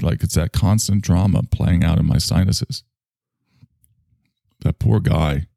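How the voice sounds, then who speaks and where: A man's voice: sits low, creaky, mellow, no room sound, studio quality. A man hosting a solo podcast, rambling in a sardonic, self-mocking way with frequent sighs. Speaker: podcast host.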